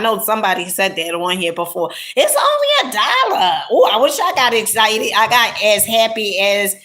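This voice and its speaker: A woman's voice: medium pitch, a bit bright. A woman vlogger telling a story in a casual, rambling way, with many fillers and restarts, calling her viewers pet names like honey and my love. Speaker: content creator.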